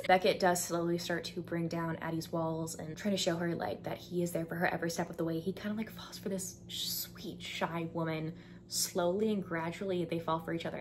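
A woman's voice: fairly low pitch, a little hiss or hum. Chatty young woman with lilt. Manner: chatty, frequent fillers, acts out characters' lines. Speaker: book vlogger. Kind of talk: casual book recommendations.

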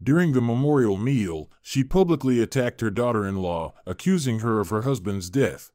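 Expressive male story narrator. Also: mid-range voice, normal speed, hardly any pauses, no room sound, clean studio sound.

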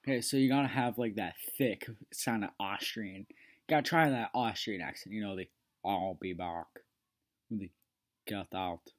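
A man's voice: on the low side, a little fast. A man casually teaching how to do a movie voice impression, chatty and self-deprecating. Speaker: video maker teaching a voice impression. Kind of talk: casual tutorial.

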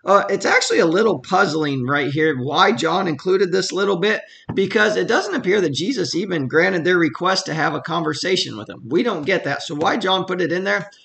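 A man's voice: high-pitched, animated, fairly quick, gravelly, fairly bright tone. A man giving a casual, conversational Bible study at home, explaining a passage and reading verses aloud with emphasis.

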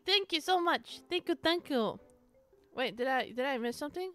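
A woman is live streaming a game, chatting casually with her viewers, greeting them and answering questions in an excitable way with frequent swearing. Her voice sits on the high side at a normal speed, with no echo and faint music in the background.

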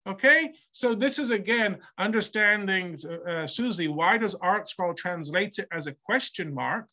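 A man's voice: sits high, expressive, measured pace, pushed and bright. A man teaching a text study class as a rabbi, reading Hebrew aloud and translating it line by line. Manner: reads the Hebrew aloud, then translates and explains.

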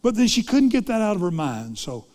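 A man preaching a sermon, swinging dramatically between loud fervent lines and hushed ones. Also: high voice, very animated, brisk, long reverb tail.

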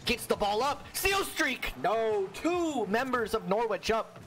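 A young man giving solo play-by-play commentary on a video game match, excitable and jokey, with a worn-out voice. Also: high voice, unhurried, slight background noise. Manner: excitable, jokey, frequent exclamations. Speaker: esports caster.

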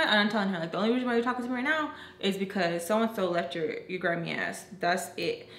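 A young woman tells a storytime from her own life and acts out each quote with lively energy. Her voice has an average pitch. It echoes around a room, and a faint hiss of noise sits underneath it. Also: a little fast. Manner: animated, acts out quotes, lots of "like". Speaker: storyteller vlogger. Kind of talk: casual storytime.

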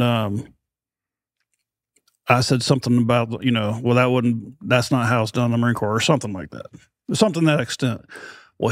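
A man's voice: mid-range voice, no echo, studio quality. A middle-aged American man, a podcast host being interviewed, telling a rambling, self-deprecating story and acting out the voices of others. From United States.

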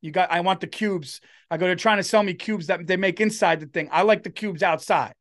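A man's voice: sits high, fairly quick, a bit bright. A middle-aged man, a comedian telling a story on a podcast and doing the voices of the people in it. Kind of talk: casual storytelling chat.

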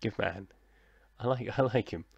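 Gravelly man commentating his game. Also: lowish voice, normal speed, no room sound, highs cut off. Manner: chatty, self-deprecating, mock commentator, talking to himself. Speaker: gaming YouTuber. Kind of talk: casual let's-play commentary.

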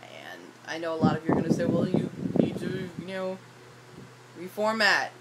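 A young woman rants into her phone in a rambling, self-deprecating way, her voice worn hoarse from a night of shouting. She speaks on the low side for a woman, and heavy noise sits under the recording. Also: sing-song, normal speed. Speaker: YouTuber. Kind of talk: casual vlog rant. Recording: loud background noise.

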